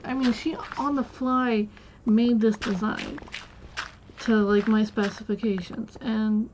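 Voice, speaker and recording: Female streamer, casual rambling storyteller, brightish pitch, clicky desk noise. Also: slow, poor audio. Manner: rambling, animated, many restarts and fillers. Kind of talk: casual storytelling while gaming.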